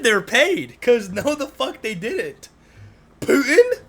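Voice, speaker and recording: A man's voice: very high-pitched, very animated, slow, sharp tone. A young man streaming his crude, mocking reaction to a debate, swearing and laughing as he talks over the clips. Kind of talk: profane reaction commentary.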